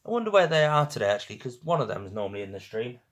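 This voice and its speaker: Rapid-fire and sing-song in a mid-range voice, a young St Helens man with a northwest English accent hosts a casual live stream. He's chatty and teasing, breaking into laughter with viewers often.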